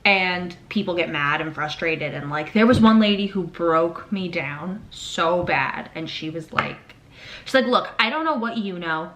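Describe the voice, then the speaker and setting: A woman's voice: lowish voice, measured pace. A young woman in her twenties chatting candidly to camera, swearing freely and acting out what people said to her. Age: 20s. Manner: candid, animated, swears freely, acts out quotes. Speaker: vlogger; patient navigator. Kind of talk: casual confessional chat.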